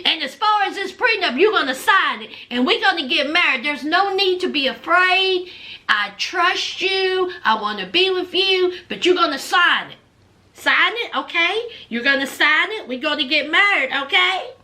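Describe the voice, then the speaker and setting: A woman's voice: extremely high pitch, expressive, normal speed, pushed and bright, voice pushed up, full character voice. A woman voicing a fiery young woman who makes demands and insists on getting her way. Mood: bossy. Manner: bossy, insistent, repeats orders.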